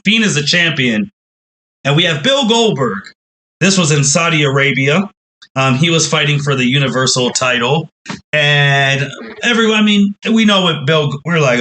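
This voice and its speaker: Bright-voiced man recapping wrestling. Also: medium pitch, lively intonation, a little slow, low-quality recording. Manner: rambling storytelling with exclamations. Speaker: podcast host. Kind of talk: casual podcast recap.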